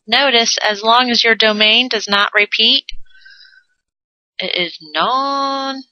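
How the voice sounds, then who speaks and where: A woman's voice: fairly high pitch, unhurried, bright, forceful tone, dry recording. A woman teaching a math lesson in a playful way, adding silly sound effects and jokes. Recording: dull lo-fi dry recording.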